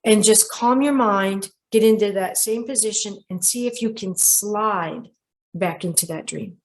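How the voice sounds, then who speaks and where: A middle-aged woman hosting a show about dreams, telling a client's story in a lively way and quoting people directly. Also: medium pitch, measured pace. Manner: animated storyteller who quotes people directly. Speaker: radio show host and dream interpreter. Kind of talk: storytelling monologue.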